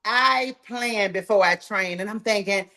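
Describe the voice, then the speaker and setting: A woman's voice: medium pitch, unhurried. Folksy Southern woman with a drawl. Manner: folksy, talks straight to the group, says "y'all" often; energetic and encouraging. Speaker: sales trainer. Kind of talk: live training call.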